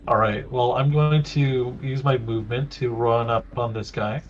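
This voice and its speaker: A man's voice: mid-range voice, steady tone, moderate pace. Man playing a tabletop game over a dull mic. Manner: casual, checks rules aloud, groans at mishaps. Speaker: player.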